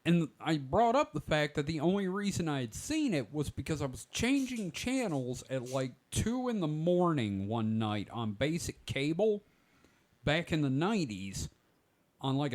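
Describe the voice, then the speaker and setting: A man's voice: on the high side, very animated, moderate pace, a little mellow. A man in his forties hosting a podcast, telling rambling stories in casual chat. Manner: rambling storyteller, many "like" fillers. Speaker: podcast host.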